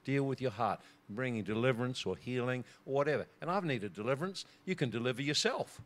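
A man's voice: medium pitch, expressive, fairly quick. A middle-aged man preaching a sermon, telling a personal story with frequent laughter and repeated words.

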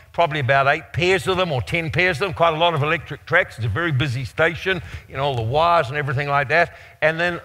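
An older man preaching, telling a personal story in an animated, rambling way. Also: fairly high pitch. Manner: animated anecdotal storytelling with restarts. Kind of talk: storytelling sermon.

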